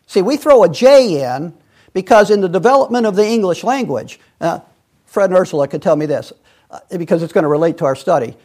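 A man's voice: sits high, animated, a little fast, a little mellow. A man leading a Bible study, rambling and digressive, with many restarts and fillers. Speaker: Bible teacher.

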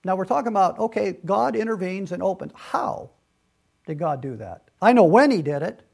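A man's voice: sits high, expressive, normal speed, vocal fry, a little mellow, slightly rough. A man preaching a Bible lesson in an earnest, conversational way, often restarting his sentences and adding asides. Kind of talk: sermon-style Bible teaching.

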